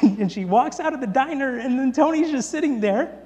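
Man preaching in a big echoing hall. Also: extremely high pitch. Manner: animated retelling with big swings in loudness, quick restarts. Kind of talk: sermon storytelling. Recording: long reverb in a large hall, faint mains hum.

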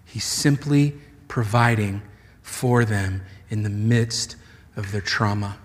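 A man preaching a sermon as a pastor, conversational and animated, with playful asides. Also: lowish voice, takes it slowly, in a large hall.

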